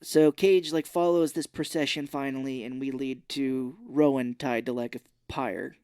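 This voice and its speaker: A man's voice: mid-range voice, normal speed, clean tone, no room sound, clean studio sound. Man animatedly recapping a movie. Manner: animated storytelling, acts out scenes. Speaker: podcast co-host. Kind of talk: casual movie recap chat.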